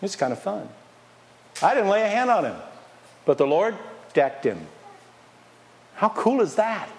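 A man delivers a sermon as pastor in a voice sitting a little high for a man. He talks to the room with constant questions and lively shifts in loudness. Between points he sometimes mocks excuses in a whiny tone. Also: measured pace. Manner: animated, questions the congregation, swings from loud to quiet.

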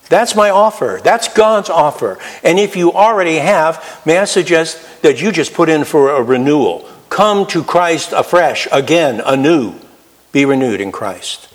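A man preaching a sermon in an earnest storytelling manner, slowing down to stress key words. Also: fairly high pitch, animated. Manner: earnest, storytelling, slows for emphasis.

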